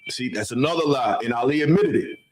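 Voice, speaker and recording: A man's voice: medium pitch, a little fast, poor audio. A man hosting a stream, giving casual, blunt, slangy commentary over a replayed clip. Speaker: host.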